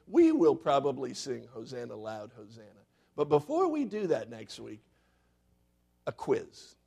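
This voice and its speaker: A male pastor preaching a sermon in a church sanctuary, putting questions to the congregation and swinging from loud to hushed. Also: a little high, huge pitch swings, unhurried, vocal fry, husky.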